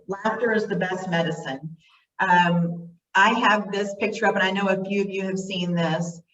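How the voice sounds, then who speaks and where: A woman's voice: fairly low pitch, a bit bright. A middle-aged woman leads a self-care workshop, folksy and encouraging, talking right to her listeners. Her voice sits back from the mic in a roomy, echoing space, with a dull, muffled tone and a faint hiss underneath. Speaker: workshop presenter. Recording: echoey, distant, dull sound.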